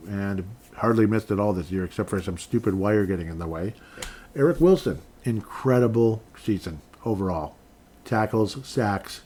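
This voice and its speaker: Low-voiced male sports podcast host, rambling and self-correcting, faint background noise. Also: mellow. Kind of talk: solo sports podcast talk.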